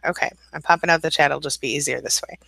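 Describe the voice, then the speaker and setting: A woman's voice: sits low, steady tone, fast, creaky, bright, forceful tone, no echo. A woman hosting a casual live-stream coaching chat, laughing often, greeting viewers by name and giving encouraging advice. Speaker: life coach and channel host.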